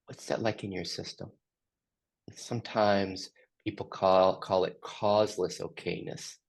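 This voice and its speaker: Gravelly man guiding a slow group reflection. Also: low voice, level tone. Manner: gentle, slow, many open questions. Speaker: facilitator.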